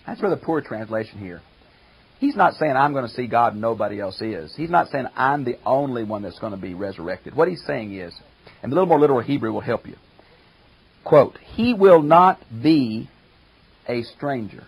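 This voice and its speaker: An older man and pastor teaching a Bible commentary lecture, emphatic, slowing down to stress quoted verses. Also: mid-range voice, animated, creaky, husky, rough recording.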